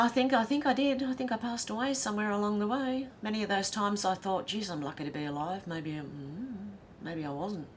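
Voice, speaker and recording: This livestream host speaks with an Australian accent and a lowish voice, going through the chat by reading comments aloud. She's chatty and quick to laugh, and a faint hum and rumble run beneath her.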